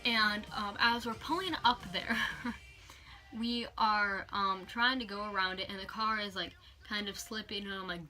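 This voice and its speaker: Animated chatty woman storyteller. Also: medium pitch, normal speed, a little hiss or hum. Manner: animated, chatty, lots of fillers. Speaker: vlogger. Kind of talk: storytime vlog.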